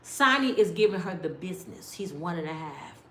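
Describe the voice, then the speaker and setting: A middle-aged woman telling stories in a blunt, animated way, sometimes mimicking other people's voices. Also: lowish voice, normal speed, echoey room. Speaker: storyteller. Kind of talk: casual storytelling rant.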